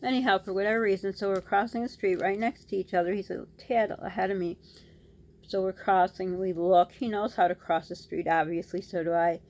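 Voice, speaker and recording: A middle-aged mother vlogs in a mid-range voice at a fairly quick pace, her lips dry. She tells a story casually and scatteredly, talking with her hands in an animated retelling.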